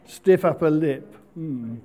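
A man's voice: fairly high pitch, takes it slowly, dark tone. A man giving a playful, interactive all-age church talk, asking the congregation questions as he preaches. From Britain. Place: church hall.

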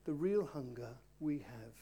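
A man's voice: medium pitch, animated, a little slow, warm tone, husky. Playful preacher man coaxing young volunteers. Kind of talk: children's talk during a church service. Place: church before a congregation.

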